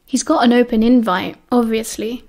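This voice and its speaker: A woman reading aloud plays an easygoing teenage schoolboy with a British accent, breezy and sure of himself. He talks in a relaxed, reassuring way, a bit louder than the narration. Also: fairly high pitch, normal speed, creaky. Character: cheerful confident teenage schoolboy wizard, easygoing.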